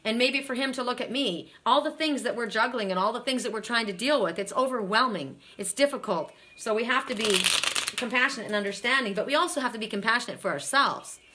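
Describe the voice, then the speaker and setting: A woman's voice: on the high side, quick pace, pushed and bright, slight background noise. A middle-aged woman doing a live card reading, tired and emotional, chatting with viewers and often repeating herself. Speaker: oracle card reader.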